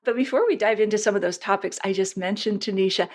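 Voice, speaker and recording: A woman hosting a podcast interview, enthusiastic and quick to laugh. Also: mid-range voice, darkish tone. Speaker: podcast host.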